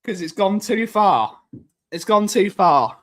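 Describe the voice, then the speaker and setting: A man's voice: sits high, expressive, slow pace. A man hosting a casual live stream, rambling and joking and repeating himself as he clicks through things on screen. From United Kingdom.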